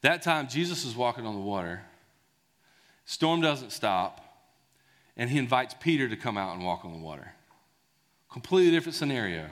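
A man preaching a sermon in a conversational, animated storytelling way. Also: medium pitch, normal speed, pauses often. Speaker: pastor. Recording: long hall reverb.

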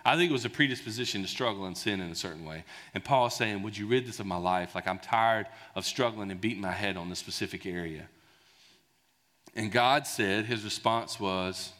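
A man preaching a sermon in a conversational, animated storytelling way. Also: lowish voice, a little fast. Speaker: pastor. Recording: long hall reverb.

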